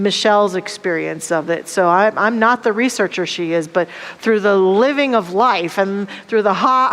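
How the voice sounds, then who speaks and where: A woman minister delivers a sermon in a mid-pitched voice, telling personal stories in a candid, emphatic way. The sound has the long reverb of a church hall. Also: fairly bright tone. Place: church sanctuary.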